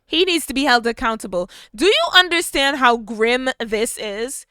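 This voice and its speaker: A young woman narrates a game story in a chatty, animated manner. Her voice sits a bit high and bright, and the recording is dry and close. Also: normal speed, smooth, no room sound. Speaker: gameplay storyteller. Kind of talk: casual narrated gameplay storytelling.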